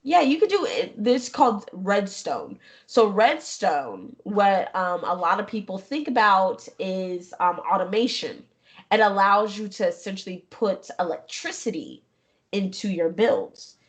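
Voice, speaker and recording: A young woman chatting as an interview guest. She talks in an animated, expressive way, laughing easily and slipping into little quoted voices. Her pitch sits in the middle. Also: measured pace. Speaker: guest, gaming streamer. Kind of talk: casual interview chat.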